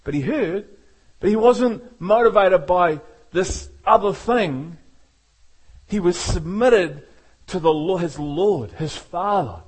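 A man preaching a sermon as pastor, animated, acting out the voices of the people he quotes. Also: high voice, takes it slowly, husky.

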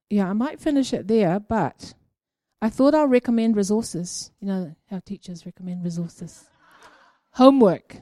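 This church speaker's voice is warm, mellow, and mid-range, recorded dry and close. She recounts her prophetic experiences in a loose, halting teaching style peppered with ums and tag questions.

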